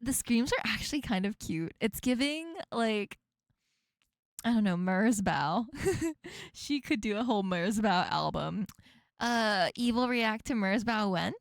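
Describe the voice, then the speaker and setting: A woman's voice: a little high, lively intonation, takes it slowly, no room sound, clean studio sound. A young woman streamer chatting casually while reacting to a video, giggling often. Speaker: VTuber streamer.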